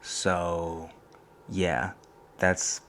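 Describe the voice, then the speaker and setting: A young man hosting a casual solo podcast from a college dorm room, talking in a soft, hushed voice and rambling through stories. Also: deep voice, flat delivery, extremely slow, slight background noise. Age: young adult. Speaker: podcast host.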